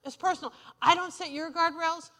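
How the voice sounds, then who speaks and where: A woman's voice: very high-pitched, steady tone, a little fast, pushed and bright. A woman preaching a sermon in a conversational, humorous way, calling out to the congregation for responses. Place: church sanctuary. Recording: reverberant hall.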